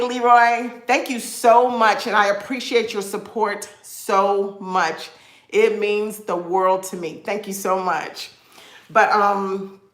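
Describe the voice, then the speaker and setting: A woman's voice: mid-range voice, echoey room. A woman hosts a live video-call session as a credit repair coach, giving an encouraging motivational talk to her viewers. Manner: warm, encouraging, addresses viewers as "y'all".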